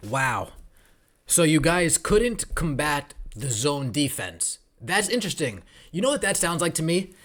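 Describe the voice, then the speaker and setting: A man's voice: fairly high pitch, big pitch swings, measured pace, fairly bright tone. Fired-up, profane male sports podcaster. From New York tri-state area. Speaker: podcast host. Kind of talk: ranting sports commentary.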